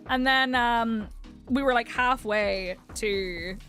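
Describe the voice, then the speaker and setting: A woman's voice: a little high, slow, faint music behind. A young adult woman streaming a game from home, chatting candidly and telling stories with a lot of laughter. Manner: chatty and candid, laughs often, animated storyteller. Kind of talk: casual chat while gaming live.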